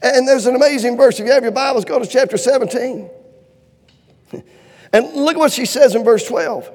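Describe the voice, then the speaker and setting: A man preaching a humorous sermon in a church auditorium, folksy and animated, asking the crowd for amens and shows of hands. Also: very high voice, moderate pace. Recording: long reverb of a large hall.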